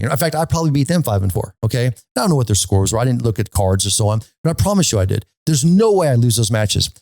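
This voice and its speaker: There's no echo on this medium-pitched male voice, which belongs to the host of a golf podcast. He recounts a story in an animated, relaxed manner, going over things again and frequently breaking off to ask "okay?".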